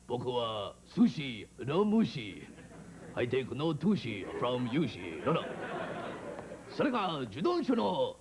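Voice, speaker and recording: A man's voice: medium pitch, wildly swooping pitch, noisy background. A man playing a manic young Japanese stand-up comic, rattling off jumbled patter in a late-night comedy bit. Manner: rapid, erratic, jumbled patter.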